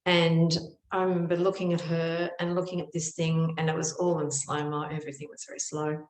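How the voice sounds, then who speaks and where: A woman's voice: deep voice, flat delivery, fairly quick, slight background noise. A woman telling a personal spiritual story with dramatic delivery, dropping to a whisper for her inner thoughts. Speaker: spiritual teacher. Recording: echoey room.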